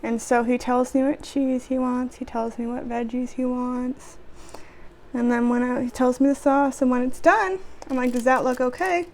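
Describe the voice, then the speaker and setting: A woman's voice: high-pitched, steady tone, normal speed, a little mellow. A young woman vlogger telling work stories in a casual chat, sarcastic and exasperated, with sighs.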